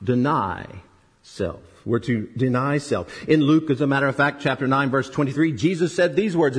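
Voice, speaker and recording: A man preaching a sermon, emphatic, rising loud and high then dropping low and soft, asking rhetorical questions. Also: normal speed, breathy edge. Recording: long reverb of a hall.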